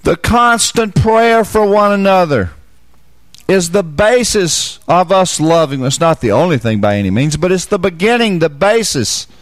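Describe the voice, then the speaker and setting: A man with a high voice gives a Bible teaching sermon in a dry, close sound. He repeats his key phrases, puts questions to the listeners, and drops low and slow to press a point home. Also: lively intonation, dry recording. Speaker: preacher.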